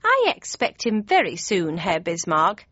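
A woman voicing a kindly, fussy older mother with a high, fluttery manner in an audiobook. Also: huge pitch swings, measured pace, fairly bright tone, no echo, heavily acted. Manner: high, fluttery, cheerful fussing. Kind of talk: audiobook character voice. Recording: dry, slightly dull studio read.

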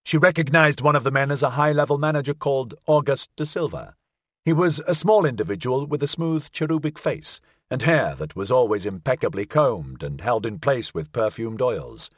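A male audiobook narrator with a measured storytelling delivery and a lively, expressive pitch. The reading is close to the mic and dry, with no room sound. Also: dry recording.

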